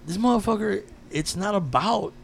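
A man in casual chat, telling a personal story with lively energy and frequent swearing. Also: sits high, moderate pace, gravelly, slight background noise. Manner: animated storyteller, swears freely.

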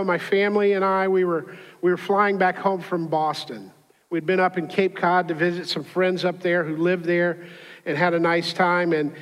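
A male pastor with a high, light voice preaches in a church, mixing scripture with a humorous personal story. He talks conversationally and drops into little character voices. His voice carries a long hall reverb. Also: a bit bright. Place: church auditorium.

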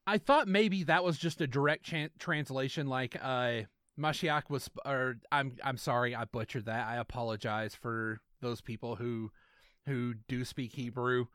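A man's voice: medium pitch, a little slow, fairly bright tone, clear, resonant tone, no room sound, studio quality. A man with a Southern US accent co-hosting a casual comedy podcast, reading scam emails aloud with sarcastic, mock-dramatic asides and frequent laughter. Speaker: podcast co-host.

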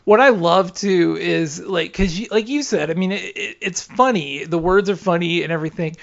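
A man with a slightly high, gravelly voice co-hosts a podcast, talking loosely and laughing along. He wanders through his points with lots of fillers, and the sound is dull and lo-fi. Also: normal speed. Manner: rambling, filler-heavy, laughs often. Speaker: podcast co-host. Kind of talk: casual sports-radio chat.

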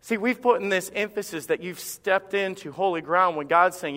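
A male pastor preaching a sermon in a church, impassioned and emphatic with dramatic pauses. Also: high-pitched, sharp tone. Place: church sanctuary. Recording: long reverb of a church hall.

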